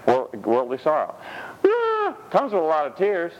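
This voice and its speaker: A man preaching a sermon in an animated, joking way. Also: moderate pace, dull audio, slight background noise. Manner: animated, jokey preaching with swings of pitch. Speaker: pastor.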